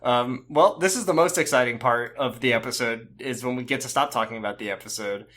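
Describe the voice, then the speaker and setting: A man co-hosting a casual podcast chat, animated and swearing, stumbling over his words when excited. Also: medium pitch, brisk. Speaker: podcast co-host.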